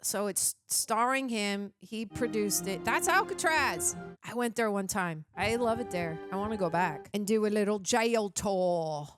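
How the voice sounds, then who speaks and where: A woman hosting a casual movie reaction, chatty, bubbly and excitable. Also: medium pitch, measured pace, few pauses, over loud music. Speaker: host.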